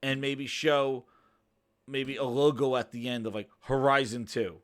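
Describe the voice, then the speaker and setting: A man's voice: mid-range voice, steady tone, unhurried. A man hosting his own gaming channel, ranting casually in a rambling way, with frequent swearing and laughter. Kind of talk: casual reaction rant.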